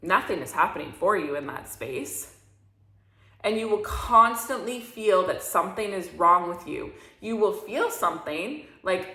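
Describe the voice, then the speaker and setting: A woman's voice: medium pitch, expressive, normal speed, pushed and bright, reverberant. A woman coaching listeners in a motivational talk, emphatic and preachy, with free swearing. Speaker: spiritual coach.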